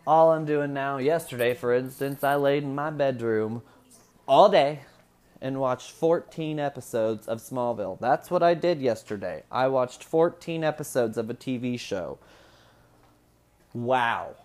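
A man's voice: medium pitch, a little slow, darkish tone. A man in his twenties from Indiana, talking at home in a rambling, profane casual chat and laughing often. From Indiana, USA. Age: 20s. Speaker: vlogger.

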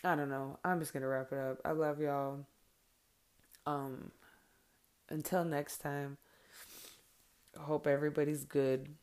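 A woman and mother talking straight to her followers in an earnest, blunt monologue, swearing freely and filling pauses with "like" and "um". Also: sits low, flat delivery, a little mellow, clean tone. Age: adult with children. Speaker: vlogger addressing followers. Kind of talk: heartfelt direct-to-camera monologue.

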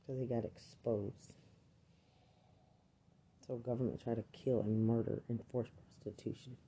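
Slow, very dark-voiced man ranting angrily. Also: mid-range voice, steady tone, a little hiss or hum. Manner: furious, accusatory, swears constantly. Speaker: army veteran. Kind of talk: angry profane rant.

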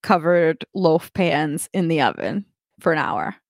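A woman's voice: low voice, measured pace, dry recording, clean studio sound. Chatty woman telling a story. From United States. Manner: animated storyteller, acts out quotes with laughs. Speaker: podcast co-host. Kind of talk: casual chat.

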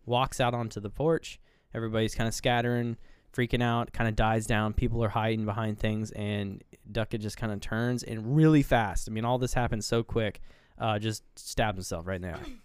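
Speaking at normal speed with few pauses, this man has a smooth, low-side voice and no echo around it. He co-hosts a podcast, chatting casually in a movie review as he retells a horror film scene by scene and animatedly performs the characters' lines.

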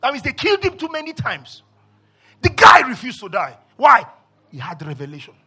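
A male pastor preaching a sermon, swinging from low murmurs to loud shouts and acting out scripture voices. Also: huge pitch swings, moderate pace, breathy edge. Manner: acts out scripture voices and asides.

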